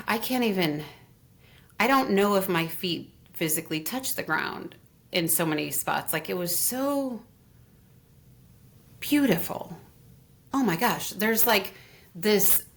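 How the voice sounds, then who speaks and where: A middle-aged woman telling a story as an interview guest, gushing and animated, with lots of fillers. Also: fairly low pitch, slow pace, pauses often. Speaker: guest, Reiki teacher.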